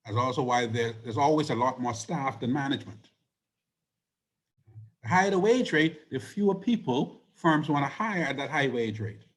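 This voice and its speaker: Hoarse male economics lecturer. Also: on the high side. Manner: explanatory, asks rhetorical questions. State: hoarse, losing his voice. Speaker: economics instructor. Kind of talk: recorded lecture.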